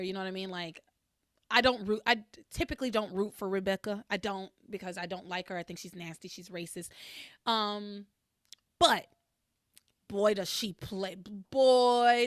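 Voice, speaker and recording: A woman's voice: medium pitch, fairly bright tone, no echo, clean studio sound. A woman hosting a casual podcast, talking expressively and swearing freely. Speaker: podcast host. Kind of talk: casual chat.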